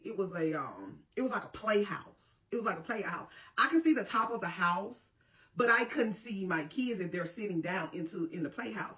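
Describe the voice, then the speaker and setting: Recorded from a distance, a Mississippi woman with a high-ish, bright, pushed voice tells her viewers a personal story in a casual storytime vlog. She's blunt and profane, with plenty of asides to her audience.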